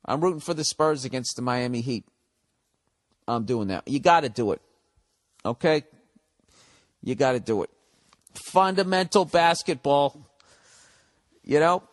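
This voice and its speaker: Blunt, foul-mouthed podcast host. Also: male voice, on the high side, a bit bright, no room sound. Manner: blunt, profane, rambling rants. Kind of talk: solo podcast monologue.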